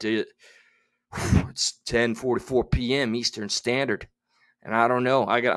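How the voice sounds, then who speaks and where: A man hosts a casual livestream in an average-pitched voice. He rambles in a theatrical, exasperated way, muttering and cursing under his breath between remarks to his viewers. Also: fairly bright tone. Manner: muttering and swearing to himself. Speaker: livestream host.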